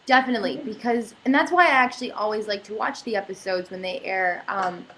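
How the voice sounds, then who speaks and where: A young woman from Canada with a Canadian accent, chatting casually on a livestream in a lively, teasing way. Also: mid-range voice, fairly quick, a little hiss or hum, poor audio. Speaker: actress answering fan questions.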